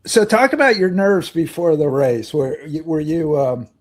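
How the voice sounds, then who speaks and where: A man's voice: a little high, sing-song, moderate pace. A man hosting a casual interview, asking questions and giving brief encouragement. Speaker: interview host.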